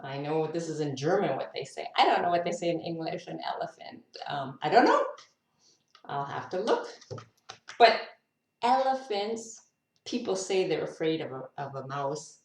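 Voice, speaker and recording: Her voice is low-pitched and expressive at a normal speed as the English teacher reads aloud to children. She makes animal sounds on the fly, laughing and musing off the cuff, captured far off with a roomy echo.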